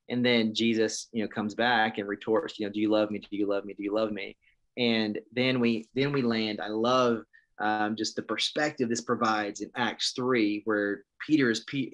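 This pastor in his thirties, a guest in an interview, tells his testimony with a mid-range, slightly bright voice. His delivery is impassioned and preacherly, earnest throughout, with sentences he frequently starts over.

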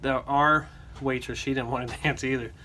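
A man's voice: medium pitch, steady tone, normal speed, pushed and bright, slight background noise. A man chatting casually and teasing his companion while vlogging on board a cruise ship. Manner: joking, teasing. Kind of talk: casual travel vlog chat.

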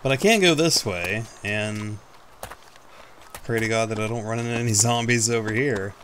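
A man's voice: fairly low pitch, moderate pace, background noise. Rambling, self-mocking male gameplay commentator. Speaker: gaming YouTuber.

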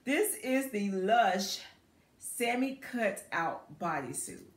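A woman's voice: mid-range voice, lively intonation, slow pace. A middle-aged woman, chatting casually and laughing through a clothing try-on haul, calling viewers girl and y'all. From United States. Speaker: fashion vlogger. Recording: echoey room.

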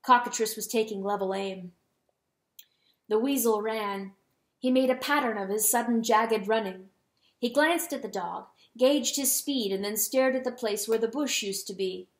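Echoey dramatic woman storyteller. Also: on the high side. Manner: dramatic, slowing on solemn words. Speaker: audiobook reader. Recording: roomy echo.

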